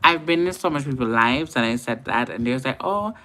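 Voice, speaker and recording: A woman's voice: rumbling low, quick pace, fairly bright tone, a little hiss or hum. A young woman from Antigua with a Caribbean accent, chatting casually with viewers on a late-night makeup livestream, laughing often. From Antigua and Barbuda.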